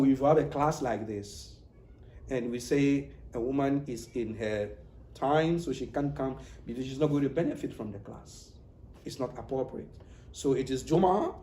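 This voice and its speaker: Mellow-voiced man teaching a mosque class. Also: mid-range voice. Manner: conversational, repeats "you know", restarts phrases. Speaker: Islamic teacher. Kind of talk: informal religious class lecture. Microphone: livestream mic.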